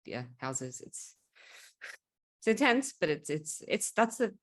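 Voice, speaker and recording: A woman's voice: low voice, sing-song, slow pace, no echo, clean studio sound. A woman hosting a podcast, speaking in a candid, casual chat and swearing freely. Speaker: podcast host. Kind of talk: casual conversation.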